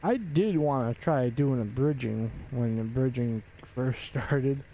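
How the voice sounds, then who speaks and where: Slow, rambling man gaming. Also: mid-range voice, dark tone, slight background noise. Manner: rambling, many fillers and restarts. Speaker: gaming video creator. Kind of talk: casual commentary while playing a game.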